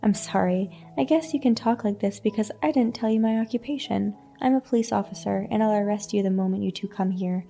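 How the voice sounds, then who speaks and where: Woman reading as a cool unbothered cop wife, even and mellow, a bit of rasp. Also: mid-range voice, a little fast, hardly any pauses. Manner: calm, cool and composed. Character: calm, confident wife who is a police officer.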